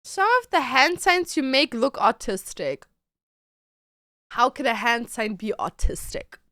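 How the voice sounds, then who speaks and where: A young woman streaming, chatting casually and reacting excitably, jumping to squealing highs. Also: a little slow, dry recording, studio quality. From Latin America.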